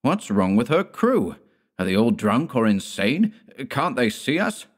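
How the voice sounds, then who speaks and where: A man voicing an excitable young lighthouse keeper who exclaims in alarm, in an audiobook horror story. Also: low voice, measured pace.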